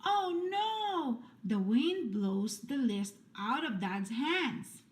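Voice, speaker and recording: A woman reads a picture book aloud for children, taking her time over each line. Her voice is fairly high and swoops up and down with lively, sing-song emphasis. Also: extremely slow, a little hiss or hum. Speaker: storybook reader.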